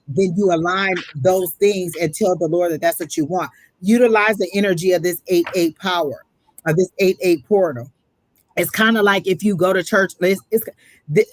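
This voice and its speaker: A woman's voice: on the low side, moderate pace, no room sound. Emphatic preachy woman psychic, dry sound. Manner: emphatic, preachy, calls the listener honey. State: emotional, close to tears. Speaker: psychic reader. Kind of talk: live psychic reading with spiritual advice.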